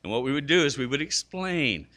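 An older man, a grandfather, preaching a sermon with animated storytelling, acting out quotes and poking fun at himself. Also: medium pitch, a little fast. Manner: self-deprecating. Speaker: pastor.

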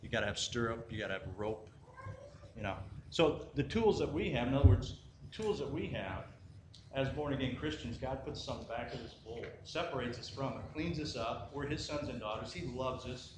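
A man's voice: mid-range voice, lively intonation, fairly quick. Man preaching casually in an echoey room. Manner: conversational, repeats "right?", frequent restarts and fillers. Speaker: Christian teacher. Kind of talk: informal sermon with a parable. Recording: echoey room with faint ambient noise.

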